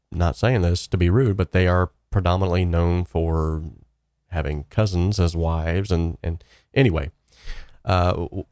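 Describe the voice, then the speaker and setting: A man's voice: deep voice, dark tone, no room sound, clean studio sound. A young man hosting a casual live stream, telling stories in a rambling way with many fillers and restarts. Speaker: host. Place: home studio.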